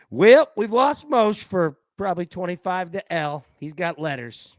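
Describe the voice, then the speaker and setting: Joking sports-betting host with a dry close mic. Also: male voice, high voice, sing-song, takes it slowly, pauses often, dry recording. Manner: laughs often, loose and joking, quotes film lines. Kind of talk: casual live-stream chat.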